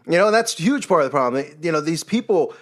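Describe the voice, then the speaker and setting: A man with a notably high voice rants in an indignant, exasperated way. He delivers religious commentary, swinging between outrage and disbelief. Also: lively intonation, fast talker. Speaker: online commentator.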